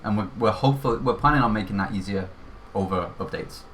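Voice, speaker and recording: Low-voiced man explaining game mods. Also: fast talker, a bit bright, slight background noise. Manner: laughs often, careful, explanatory. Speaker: game developer co-host. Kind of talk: casual chat over gameplay.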